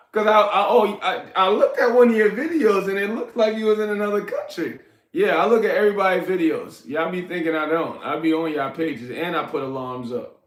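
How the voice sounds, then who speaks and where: A man's voice: high-pitched, lively intonation, normal speed, echoey room, far from the mic. A young man hosting a casual livestream while he cooks, joking loosely and talking to his chat. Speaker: livestream host. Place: home kitchen.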